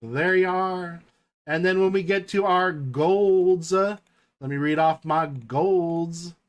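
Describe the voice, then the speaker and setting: A man with a high voice hosting a trading-card livestream. He speaks slowly and casually, reading out names one at a time. When he calls a mock horse race, his commentary rises in excitement. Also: muffled recording. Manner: unhurried, reads names out one by one. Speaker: card break host.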